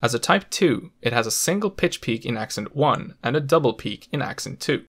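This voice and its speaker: A man narrating a scripted language lesson, explaining clearly with the odd playful aside. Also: mid-range voice, expressive, a little fast, a bit bright. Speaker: language educator.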